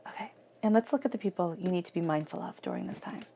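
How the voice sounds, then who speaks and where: Gravelly-voiced woman doing a tarot reading. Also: fairly low pitch, fast talker. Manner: chatty, emphatic, softly murmured invocations. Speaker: tarot reader. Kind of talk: casual tarot reading monologue.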